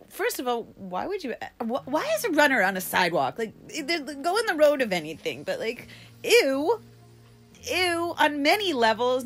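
A young woman hosting a casual livestream from home, chatting to viewers in a rambling, expressive way with lots of fillers. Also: a little high. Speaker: livestream host. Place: at home, indoors.

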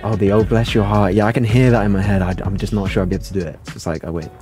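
A man's voice: fairly low pitch, steady tone, racing, mellow, soft background music. A young man chatting playfully through a gaming livestream and answering his viewers' chat aloud. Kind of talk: casual livestream commentary.

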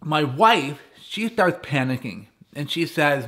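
A man giving a lively, humorous personal story as a guest speaker addressing young campers. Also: fairly high pitch, slow pace, few pauses. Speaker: guest speaker at a youth camp.

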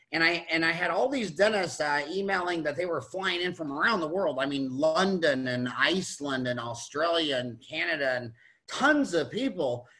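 A man's voice: on the high side, pushed and bright. A man hosting a podcast interview, rambling casually and restarting his sentences often. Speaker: podcast host.

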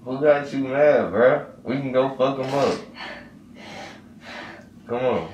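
A man's voice: slow, a little mellow, highs cut off. A young man in a casual home prank vlog, pleading and teasing, recorded at home. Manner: pleading, teasing, big pitch swings. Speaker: vlogger. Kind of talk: casual prank video chat. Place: indoors at home. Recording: echoey room, distant mic, background noise.

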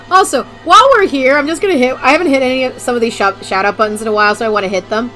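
A woman streamer giving casual, excitable gameplay commentary, giggling, swearing and reading game text aloud. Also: on the high side, fast, faint music behind, rough recording. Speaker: let's play streamer.

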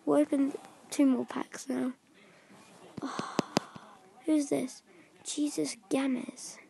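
High, gravelly woman softly narrating gameplay. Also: flat delivery, slow pace, noisy background. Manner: drops into soft whispers, stumbles over names. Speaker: gaming video creator. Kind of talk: casual commentary over gameplay.

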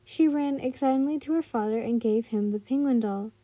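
High-voiced woman reading fanfiction. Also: fairly quick, mellow, no echo. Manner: casual reading with frequent slips and restarts. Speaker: fanfiction reader. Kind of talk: storybook narration.

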